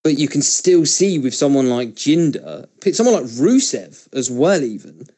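Male podcast co-host, mellow dark tone, opinionated and casual. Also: medium pitch, big pitch swings, moderate pace, slightly rough.

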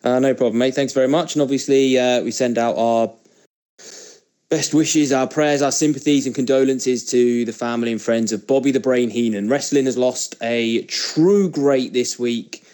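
A man's voice: mid-range voice, moderate pace, a little mellow. A man, co-hosting a casual podcast in a laid-back, teasing way. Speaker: podcast co-host.

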